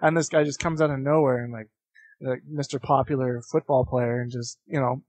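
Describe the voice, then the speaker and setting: A man's voice: mid-range voice, steady tone, fairly quick, a little mellow, no room sound. A young man in his late teens, a guest in a casual interview, telling rambling stories and laughing often between phrases. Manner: many fillers and restarts. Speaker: interview guest, competitive gamer.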